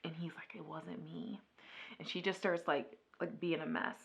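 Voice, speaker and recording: A woman vlogger chatting casually through a makeup video, retelling a story in an animated way with lots of filler words. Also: lowish voice, normal speed, gravelly, breathy edge. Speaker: beauty vlogger. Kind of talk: casual makeup vlog chat.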